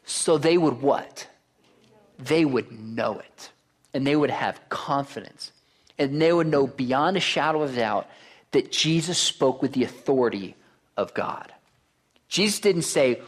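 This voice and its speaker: A man's voice: fairly high pitch, a little slow. A man preaching a sermon to a congregation, reading verses aloud and putting questions to the crowd. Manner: animated, asks the crowd questions. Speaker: pastor.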